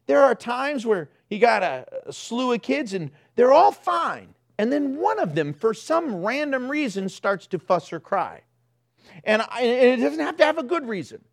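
High, gravelly-voiced joking preacher man. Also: very animated, normal speed. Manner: joking, self-mocking storytelling. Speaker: pastor. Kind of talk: sermon.

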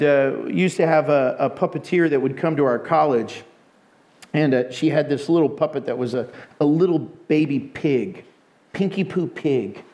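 A man preaching a sermon with animated storytelling and frequent laughter. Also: a little high.

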